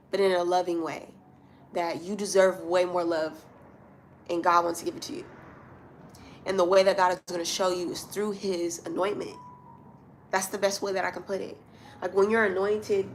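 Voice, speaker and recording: A woman's voice: mid-range voice, a bit bright, slight background noise. A woman giving a spiritual astrology reading that slips into preaching, emphatic, repeating lines and calling listeners honey and sweetie. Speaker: astrology and oracle card reader.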